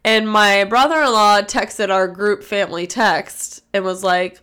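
A woman's voice: medium pitch, steady tone, unhurried, sharp tone, clean tone. A woman in her thirties, a podcast co-host telling stories in casual chat, her voice stuffy from allergies. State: congested from allergies.

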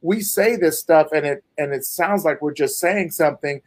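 A man hosting a livestreamed interview, talking emphatically and repeating and slowing down key points like a preacher. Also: on the high side. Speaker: host.

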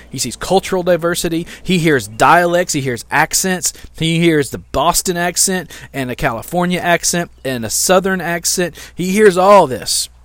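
A middle-aged man preaching a sermon in a conversational way, repeating key lines and lifting his voice on the main points. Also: fairly high pitch. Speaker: pastor.

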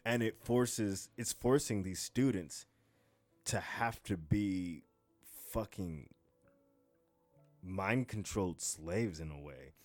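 A man's voice: low-pitched, takes it slowly, long pauses, no echo, soft background music. A young man co-hosting a casual podcast, talking in a rambling, profane way with lots of restarts. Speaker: podcast co-host.

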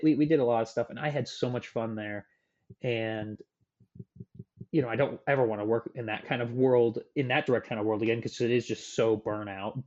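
A man's voice: mid-range voice, darkish tone, highs cut off. A man guesting on a podcast, telling stories in an enthusiastic, chatty way. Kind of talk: casual chat.

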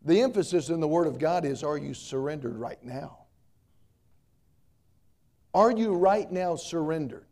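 A middle-aged pastor preaching with emphatic repetition and homespun humor. His voice sits a touch high for a man yet sounds mellow and warm. He leans hard on his key points. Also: animated, measured pace, pauses often. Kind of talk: sermon.

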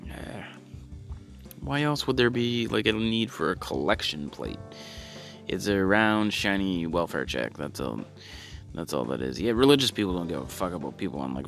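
A man performing a profane stand-up comedy monologue, with halting ums and stammered restarts, breaking into loud acted-out voices. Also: sits low. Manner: profane, acts out loud shouted voices in bits.

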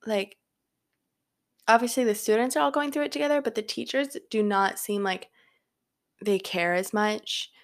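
Speaking at normal speed with long pauses, a young adult woman chats on her solo podcast from her bedroom. Her voice sits a little high, and her home-mic talk is rambling and full of fillers.

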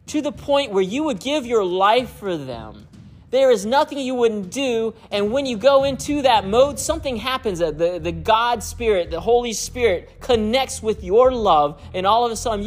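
A man preaching through a personal story, chuckling often as he talks. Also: very high voice. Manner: chuckles often while telling stories. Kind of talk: storytelling sermon.

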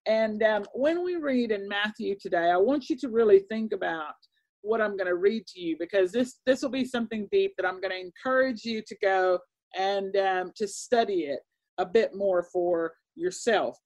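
A woman teaching a Bible lesson in an earnest, excitable sermon style, with many fillers and restarts. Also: mid-range voice, normal speed. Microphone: presentation with on-screen slides.

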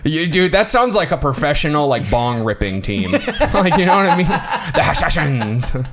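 Lively joking man, very animated pitch. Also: a loud crowd. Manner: joking, laughing, quick reactions. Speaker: podcast co-host. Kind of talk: casual banter.

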